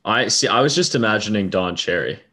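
Tired, deep-voiced male podcast co-host. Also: expressive, brisk, pushed and bright. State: tired and yawning. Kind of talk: casual chat.

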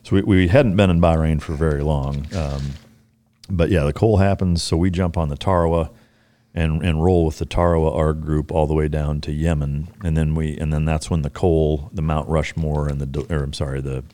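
A man hosting a podcast, chatting casually with an old friend, relaxed and swearing freely as he recalls old deployments. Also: extremely low pitch, normal speed. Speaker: podcast host.

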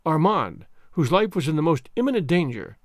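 Expressive male audiobook narrator. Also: on the high side, normal speed, no echo, studio quality. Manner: expressive, dramatic reading. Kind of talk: scripted narration of a classic novel.

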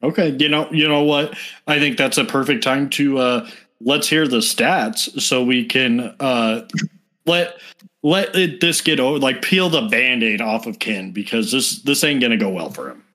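A man co-hosting a podcast, calmly laying out his side of a mock fight. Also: mid-range voice, a little slow. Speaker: podcast co-host. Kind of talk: casual podcast banter.

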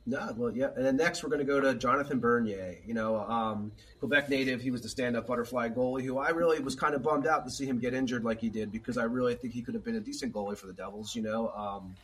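A man with a husky voice talks quickly about hockey. He pauses now and then with filler words as he introduces a topic. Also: mid-range voice, fairly bright tone. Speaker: podcast co-host. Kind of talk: casual sports chat.

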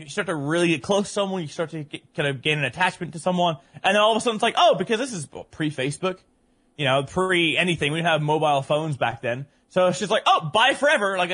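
A man in his thirties talks with an accent that mixes English, Northern Irish and American sounds. He tells stories loosely, with laughter and casual swearing. His tone is bright and a bit high. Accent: mixed English, Northern Irish and American. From Northern Ireland and England, raised abroad. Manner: laughing, swearing, animated storyteller. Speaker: podcast guest. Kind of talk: casual chat.

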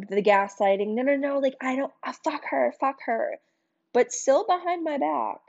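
A woman's voice: mid-range voice, a little mellow, dull audio. A young woman hosting a podcast, telling her own story in a candid, emotional way, swearing freely and filling with "like" and "um". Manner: emotional, confiding, swears, lots of "like" and "um". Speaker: podcast host.

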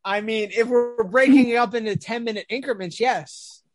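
A podcast host in casual chat with guests, playful and quick to laugh. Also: mid-range voice, no echo.

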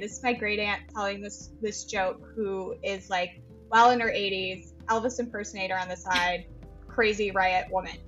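A woman guest chats haltingly and pokes fun at herself on a podcast. Her voice is bright and fairly high. The line sounds dull and lo-fi, like a remote call. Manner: self-deprecating, halting. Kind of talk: casual podcast chat.

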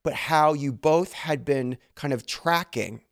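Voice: medium pitch, slow pace, no room sound, studio quality. An interviewer in conversation who reacts with enthusiasm and often chimes in with short affirmations.

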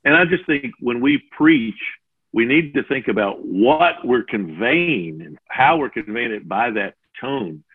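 A man in his sixties who mentors preachers, answering interview questions in an animated way and acting out the voices he quotes. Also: mid-range voice, unhurried, slightly rough. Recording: phone-like narrow audio.

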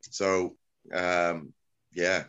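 Rambling man, lowish voice. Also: flat delivery, extremely slow, a bit bright, smooth, dull audio. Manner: rambling, self-correcting, chuckling. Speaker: MMA promoter, guest. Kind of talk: casual interview chat.

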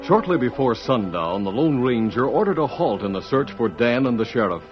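A man narrating in a measured, dramatic voice of middle pitch, with soft music under him. The sound is dull and muffled, an old radio recording. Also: sing-song. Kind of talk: scripted narration.

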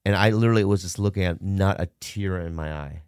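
A man's voice: low-pitched, fast talker, smooth, no echo, studio quality. A man from Minnesota in casual conversation, candidly telling a rambling personal story with lots of fillers.

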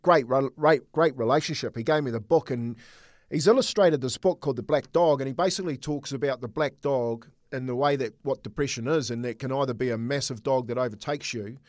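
A man's voice: mid-range voice, a little fast, no room sound, clean studio sound. A middle-aged man co-hosting a casual sports chat, telling a personal story earnestly with many restarts. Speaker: co-host.

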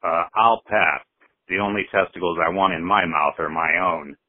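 A low, slow voice, heavy and smug, comes through a thin, phone-like channel as a man puts it on for a comedy skit. He drags his words out dryly. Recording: tinny phone-like sound.

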